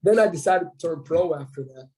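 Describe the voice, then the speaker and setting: Animated Canadian man telling a story. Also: fairly high pitch, a little fast, low-quality recording. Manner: animated storyteller acting out quoted dialogue. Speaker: podcast guest, bodybuilder. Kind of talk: casual storytelling interview.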